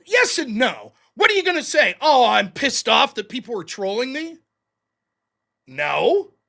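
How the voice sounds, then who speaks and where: A man's voice: very high voice, sharp tone. A man hosting a livestream, talking in a heated, sarcastic and profane way. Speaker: livestream host. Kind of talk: livestream commentary rant.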